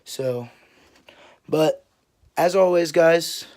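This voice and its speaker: This young man's fairly high, darkish voice draws out its words as he casually tells stories on his channel. He's relaxed, swears a lot and laughs from time to time.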